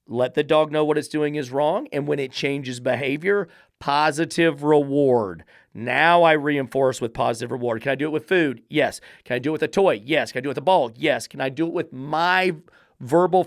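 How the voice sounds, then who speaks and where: A man's voice: on the high side, normal speed, dry recording, clean studio sound. A man hosting a dog training podcast, lecturing emphatically with repeated rhetorical questions. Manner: preachy, repetitive rhetorical questions.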